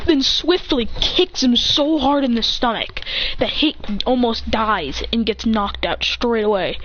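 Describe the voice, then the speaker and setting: A woman excitedly retelling a fight story, breathless and acting out the sound effects. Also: on the high side, unhurried, few pauses. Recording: muffled and noisy.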